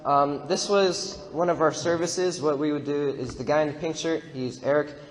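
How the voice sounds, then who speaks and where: A man's voice: a little high, steady tone, moderate pace, big-room sound, a little hiss or hum. A young man casually recounting a mission trip while narrating a slideshow, rambling with fillers and laughs. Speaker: mission trip member giving testimony.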